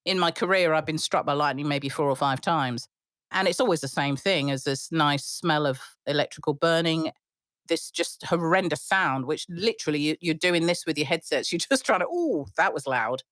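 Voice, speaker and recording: Woman pilot telling lively stories. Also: low-pitched, moderate pace, no echo, clean studio sound. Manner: animated storyteller, frequent restarts and laughs. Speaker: airline pilot, podcast guest. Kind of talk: storytelling interview.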